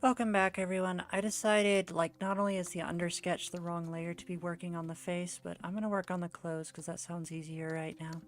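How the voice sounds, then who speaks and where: A woman's voice: fairly low pitch, level tone, fairly quick, hardly any pauses. A young woman streaming while she draws, telling a rambling story in casual chat full of "like" fillers. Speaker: art streamer.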